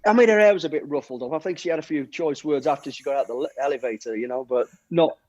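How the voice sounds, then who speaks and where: A man's voice: a little high, fast, dry recording, muffled recording. A middle-aged man telling anecdotes as a podcast guest, stumbling over repeated words and acting out what people said. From United Kingdom. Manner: lively storyteller, repeats words, acts out quotes. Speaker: guest, former soldier and bodyguard. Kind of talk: anecdotal storytelling.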